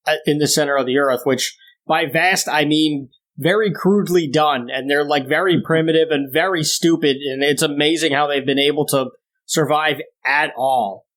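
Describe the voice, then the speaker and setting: A young man co-hosting a podcast in casual chat, ranting with exaggerated disdain and climbing higher as he gets worked up. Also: steady tone, normal speed, a bit bright. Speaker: podcast co-host.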